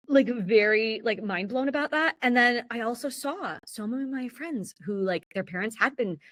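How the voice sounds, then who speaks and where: A woman's voice: on the high side, lively intonation, unhurried, fairly bright tone, dry recording, studio quality. A woman in her thirties from the United States, a podcast guest telling a personal story in a rambling, casual way with many fillers and restarts. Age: 30s. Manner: rambling, full of "like" fillers and restarts, laughs often.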